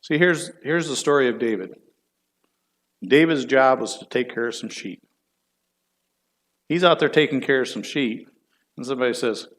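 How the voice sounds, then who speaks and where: A man's voice: medium pitch, normal speed, pauses often, a bit bright. A middle-aged man, a church elder, teaching a Bible class in a folksy, chatty way and putting questions to the class.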